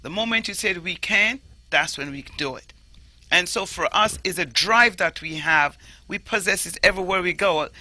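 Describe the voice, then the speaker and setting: Forceful Jamaican woman storyteller. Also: on the low side, normal speed, dry recording. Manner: animated, explanatory, stresses words emphatically. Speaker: storyteller guest. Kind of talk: interview conversation.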